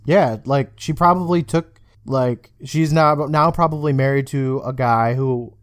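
Animated man recapping a TV episode. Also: medium pitch, unhurried, clean tone. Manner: animated, swears often, acts out quoted lines. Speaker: podcast co-host. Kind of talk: casual chat recapping a TV episode.

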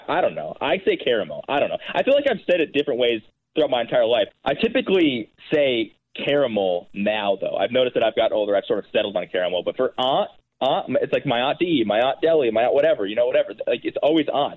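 Fast-talking man on a tinny line. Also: medium pitch, expressive, slight background noise. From Connecticut, USA. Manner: rambling, filler-heavy talk. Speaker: podcast co-host. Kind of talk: casual podcast chat. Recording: phone-like narrow sound.

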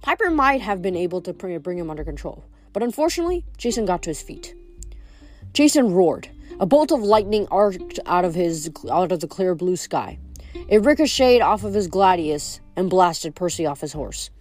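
Woman reading a novel aloud, slightly low voice. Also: very animated, darkish tone, faint music behind. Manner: unhurried, with small slips and restarts. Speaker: reader.

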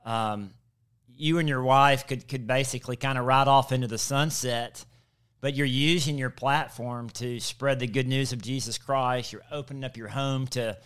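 Smooth-voiced, effusive male podcast host. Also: mid-range voice, steady tone, moderate pace, fairly bright tone. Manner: effusive, encouraging. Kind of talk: casual interview.

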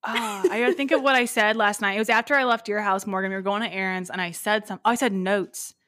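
A woman's voice: medium pitch, fairly even intonation, fast, fairly bright tone, no echo, clean studio sound. Young woman with a slight twang. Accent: slight rural twang. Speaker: podcast co-host. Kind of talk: casual chat.

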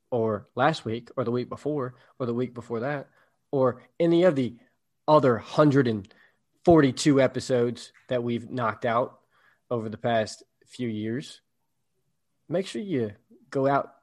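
A man's voice: medium pitch, normal speed, darkish tone. A man co-hosting a podcast, talking through ideas in a rambling, reflective way during casual chat. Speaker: podcast co-host.

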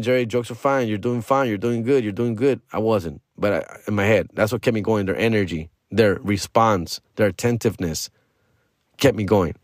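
A man's voice: medium pitch, no echo, studio quality. A comedian hosting his podcast, telling a loose, repetitive story in casual slang. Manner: loose, slangy and repetitive, drops in "bro" and "fool".

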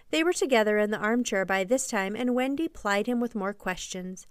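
A woman narrating a classic children's story as a podcast storyteller, gently and evenly paced. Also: mid-range voice, expressive, moderate pace, few pauses, smooth, no room sound, clean studio sound.

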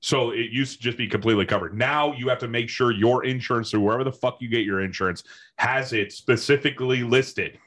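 A man in mid-rant on a casual podcast, cursing freely and pushing his voice up whenever he gets heated. His delivery is loose and indignant, and his pitch climbs and drops in wide swings as he vents. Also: brisk. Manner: heated, swears constantly, animated pitch swings. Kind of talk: profane comedic rant.

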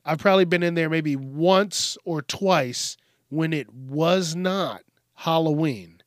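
Profane rambling man, higher voice. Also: slow pace, no echo, clean studio sound. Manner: profane, animated, acts out quoted rude customers. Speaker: podcast host. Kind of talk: casual rambling monologue.

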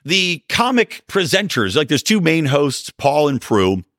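A man's voice: a little high, a little slow, no echo, clean studio sound. A middle-aged man hosting a podcast, telling stories and ranting in a sarcastic, profane, casual way. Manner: profane, sarcastic, animated storytelling with sudden yelling. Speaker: podcast host.

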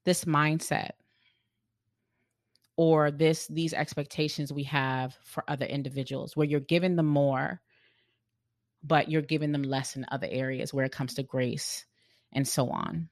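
Podcast host, solo reflective talk: earnest, searching delivery with frequent restarts, gravelly fry in the voice. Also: mid-range voice, steady tone, a little slow, long pauses, dry recording, studio quality. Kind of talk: reflective podcast monologue on leadership.

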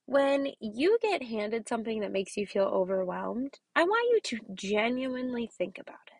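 Her voice is a little high and husky, very animated, and delivered at a moderate pace in a dry recording. She's a kindergarten teacher hosting a casual motivational podcast, speaking emphatically, often asking "okay?" and whispering to stress important points.

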